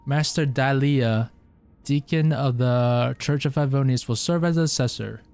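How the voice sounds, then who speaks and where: A man's voice: mid-range voice, unhurried, vocal fry, a little mellow, clear, resonant tone, soft background music. A man reading the lines of a composed female knight leader aloud in his own plain voice. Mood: formal. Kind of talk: reading game dialogue aloud.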